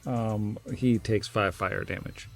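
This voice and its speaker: A man's voice: lowish voice, fairly even intonation, slow pace, soft background music. A man running a tabletop game as game master, with wry, casual narration.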